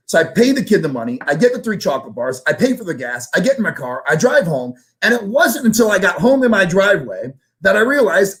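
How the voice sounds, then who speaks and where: A man, a guest sales trainer, telling a story in a casual interview, animated and swearing casually as he acts out dialogue. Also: high voice, brisk, hardly any pauses.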